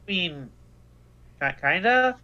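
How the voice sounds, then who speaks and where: A man's voice: high-pitched, expressive, slow pace, pushed and bright, dry recording. A man playing a tabletop role-playing game who talks hesitantly, with many restarts. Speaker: player. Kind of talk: tabletop role-play chat. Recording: dull lo-fi audio.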